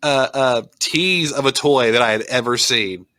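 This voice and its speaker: Man, podcast co-host, bright tone, casual complaining chat. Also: mid-range voice, moderate pace, no echo, studio quality.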